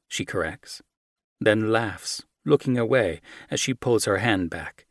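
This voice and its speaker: A man narrating a romance audiobook in the first person, in a measured, soft, intimate manner, on a close microphone. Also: fairly low pitch, no echo.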